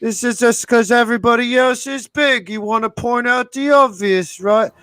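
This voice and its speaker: A man's voice: very high-pitched, moderate pace, pushed and bright, clear, resonant tone, no room sound. A man playing a tabletop game, trading in-character jokes with a mock-indignant, profane edge.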